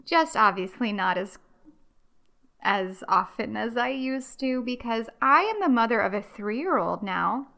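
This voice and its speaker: Bright-voiced woman podcaster chatting. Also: a little high, smooth. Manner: friendly, rambling, apologetic, many fillers. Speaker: podcast host. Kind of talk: casual chat to listeners.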